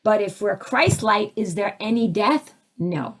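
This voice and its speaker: A woman's voice: mid-range voice, expressive, a little slow. A woman spiritual teacher answering audience questions, who acts out little scenes with sudden swings in her voice.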